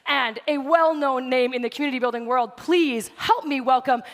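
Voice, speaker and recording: High-voiced woman announcing a speaker. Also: normal speed, in a large hall. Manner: announcing, formal. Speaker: event host introducing the speaker. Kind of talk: stage introduction.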